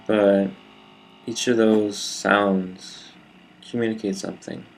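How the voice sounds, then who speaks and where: Guy with a low voice talking slow and flat to camera, thoughtful. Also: gravelly, a little hiss or hum, rough recording. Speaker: video speaker. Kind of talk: reflective solo talk to camera.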